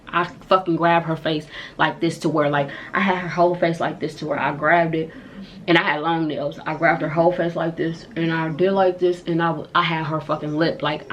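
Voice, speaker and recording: A woman vlogger telling a story in casual slang, animated and profane. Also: low-pitched, slight background noise. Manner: animated, profane retelling of a fight. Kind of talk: storytime vlog.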